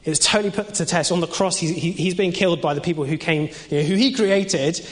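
Young guy preaching casual and chatty, kinda high voice, big hall echo. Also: quick pace. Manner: conversational, frequent fillers and restarts. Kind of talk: informal sermon. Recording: long reverb of a hall.

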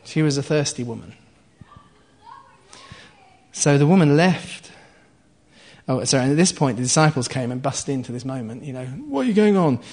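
A man's voice: mid-range voice, normal speed, long pauses. A man preaching, retelling and explaining a scripture passage in a conversational teaching style, with asides to his listeners. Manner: explains scripture line by line with asides and soft laughs.

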